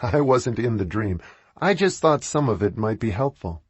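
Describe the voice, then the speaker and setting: Meek, earnest woman in a storybook, voiced by a man, lively but low-key. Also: normal speed, breathy edge, no room sound. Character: earnest woman pitching ideas, meek and shy.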